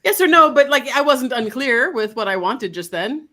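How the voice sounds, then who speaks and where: Woman, dog trainer, guest interview, lively swooping voice, animated, acts out dogs. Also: sits high, normal speed. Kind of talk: casual interview explaining.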